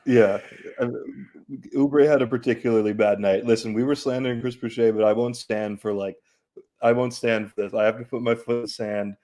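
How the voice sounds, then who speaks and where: A man's voice: mid-range voice, steady tone, fairly quick, mellow. A man co-hosting a casual sports talk show who speaks hesitantly, with many fillers, before making a firm point. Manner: hesitant, filler-heavy, then emphatic. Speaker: podcast co-host.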